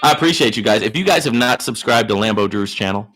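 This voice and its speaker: A man hosting a live Q&A stream, giving loud, hyped shout-outs to viewers in the chat and teasing them boastfully. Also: lowish voice, lively intonation, quick pace. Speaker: livestream host.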